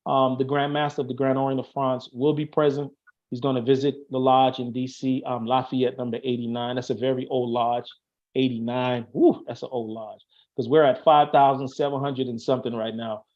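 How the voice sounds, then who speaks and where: Guesting on an online show, this Masonic officer talks casually and earnestly, stopping often to restart and filling gaps as he thinks aloud. His mid-range voice is a little mellow, brisk, and shows little pitch movement, over dull audio.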